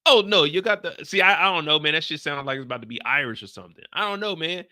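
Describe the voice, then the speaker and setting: A man hosting a live stream, recapping a TV episode in casual chat, animated and slangy and talking straight to his viewers. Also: a little high, rapid-fire, no echo, clean studio sound. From United States. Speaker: show host recapping a TV episode.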